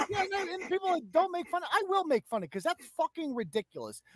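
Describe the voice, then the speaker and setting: A woman's voice: extremely high pitch, a little mellow, dry recording. A woman co-hosting a live talk show, giving heated, profane and mocking commentary. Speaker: co-host.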